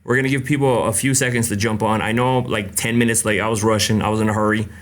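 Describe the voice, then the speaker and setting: A young man hosting a casual livestream, greeting viewers by name with lots of fillers and quick Spanish greetings. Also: fairly low pitch, steady tone. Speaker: livestream host.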